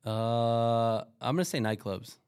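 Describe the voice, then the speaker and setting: Спокойный мужчина-диджей, короткие ответы. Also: male voice, medium pitch, a little slow, smooth. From New York. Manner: short laid-back answers, trailing off quietly. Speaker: podcast guest, DJ. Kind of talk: casual chat.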